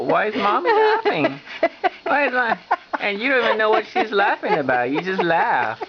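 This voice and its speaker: A man's voice: sits high, gravelly. A man using playful baby talk while feeding a baby at home, laughing often, on a muffled home video with background noise.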